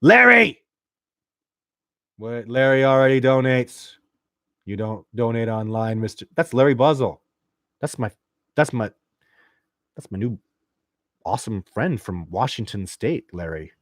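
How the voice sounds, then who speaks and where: A Canadian man hosting a casual livestream, reading viewer questions and rambling excitedly with lots of restarts and fillers. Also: on the low side, normal speed, pauses often, no room sound, clean studio sound. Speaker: livestream host.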